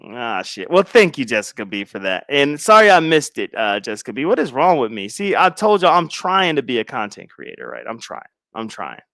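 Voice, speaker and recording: A man's voice: medium pitch, sing-song, brisk, hardly any pauses, a bit bright, dry recording, clean studio sound. A middle-aged man chatting casually on a livestream, telling a story dramatically with slangy asides and frequent laughter. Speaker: livestreaming content creator.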